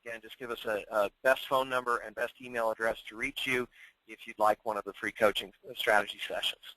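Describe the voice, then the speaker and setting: Hoarse male webinar host, bright edgy tone, dead-dry sound. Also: fairly low pitch, level tone, brisk, dry recording, rough recording. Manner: filler-heavy, repetitive announcements. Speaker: webinar presenter and coach. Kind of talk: webinar sign-off.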